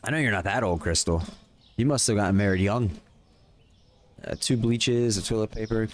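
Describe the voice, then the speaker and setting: Streaming a game live, this man talks in a fairly low voice at a moderate pace. He keeps up casual conversation with his viewers and barks in-game orders in between answering chat's questions.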